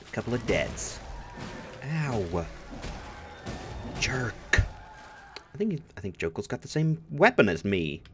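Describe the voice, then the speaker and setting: A man's voice: medium pitch, sharp tone, a little hiss or hum. A man giving casual, playful gameplay commentary, making silly noises and joking at his own expense. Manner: playful, goofy, makes silly noises and jokes at himself. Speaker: let's play gamer.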